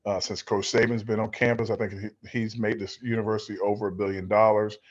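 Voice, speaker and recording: A middle-aged man and former football player, telling stories as a guest in a relaxed interview, rambling and acting out the voices of people he quotes. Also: lowish voice, fast talker, lo-fi sound. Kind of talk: storytelling in a casual interview. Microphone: video call.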